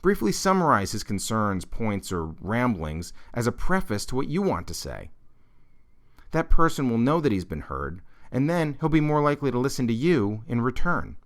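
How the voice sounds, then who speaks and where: Lively, earnest male professor. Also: medium pitch. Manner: earnest, measured delivery with emphatic turns. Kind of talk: scripted instructional broadcast.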